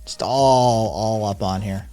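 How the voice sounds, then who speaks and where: A man's voice: fairly low pitch, slow pace, dark tone, soft background music. A man hosting a live stream in casual chat, loose and profane, often laughing. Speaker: streamer host.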